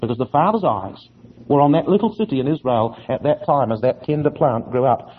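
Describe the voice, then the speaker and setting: A man's voice: medium pitch, lively intonation, a little fast, slight background noise. A man preaching a sermon, expounding Bible verses earnestly and asking his listeners rhetorical questions. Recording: tinny phone-like audio.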